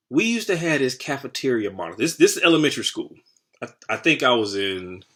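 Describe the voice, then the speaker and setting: Animated, profane man in his forties. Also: on the high side, breathy edge. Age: 40s. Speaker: storyteller. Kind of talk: comic personal storytelling.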